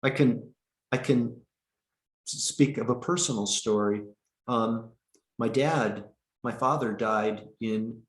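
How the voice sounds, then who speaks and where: A man teaching an online meditation class, speaking slowly and haltingly with many restarts, over a video call. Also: mid-range voice, roomy sound. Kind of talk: online dharma talk.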